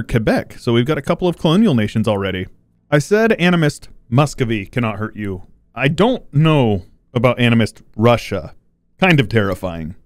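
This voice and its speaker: A man giving casual, joking commentary over a strategy game, laid-back with quick asides and small chuckles. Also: mid-range voice, darkish tone, no echo. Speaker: strategy game video host.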